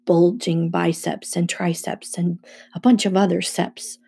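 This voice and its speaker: Gravelly woman reading a story aloud. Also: fairly low pitch, a little slow. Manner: steady first-person storytelling. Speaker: narrator. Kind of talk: audiobook reading.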